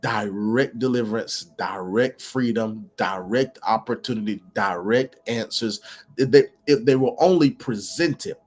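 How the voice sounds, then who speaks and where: A man preaching prophetically on a phone livestream. He repeats his phrases in a declaring rhythm, swells to loud peaks and calls on viewers by name. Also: fairly low pitch, a little slow.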